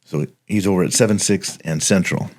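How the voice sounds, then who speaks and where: A man's voice: sits low, fairly quick. A middle-aged man from the Los Angeles area, a retired homicide detective, telling rambling stories in casual podcast chat. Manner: relaxed, rambling anecdotes with many fillers.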